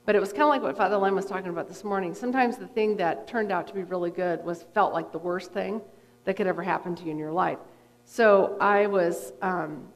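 Middle-aged woman telling a story in a hall. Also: mid-range voice. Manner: conversational, animated, frequent fillers. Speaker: therapist and guest speaker. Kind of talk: personal storytelling talk. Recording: long reverb from a hall.

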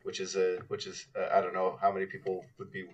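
Low-voiced man, halting and thoughtful. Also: monotone, recorded from a distance. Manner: hesitant, many fillers and restarts. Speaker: podcast co-host. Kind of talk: casual faith podcast chat.

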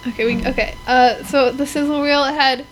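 A woman's voice: high voice, fairly even intonation, normal speed, slight background noise, poor audio. A young woman co-hosting a podcast, gushing and giggling as she chats. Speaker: podcast co-host. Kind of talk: casual chat.

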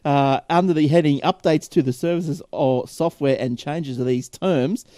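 A man's voice: mid-range voice, mellow, dry recording, clean studio sound. A man hosting a casual tech podcast, rambling and chatty with frequent laughs. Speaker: podcast host.

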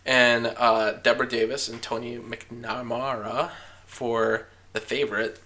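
A man hosts a podcast about film awards, chatting casually in an opinionated, talkative way with frequent fillers and laughs. His medium-pitched voice is flat and sharp in tone, and he keeps a measured pace.

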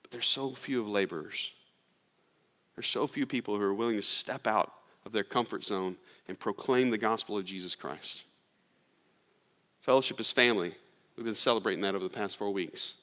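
A man's voice: on the low side, bright, forceful tone. A man, preaching a sermon in a casual, storytelling way with plenty of "like" and restarts. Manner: casual, storytelling with lots of fillers. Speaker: pastor. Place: church sanctuary. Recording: long hall reverb.

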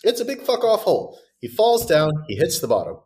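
A podcast co-host with a very animated voice that swoops up and down in pitch. They recap a horror movie in loose, sarcastic chat and swear without a second thought. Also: brisk.

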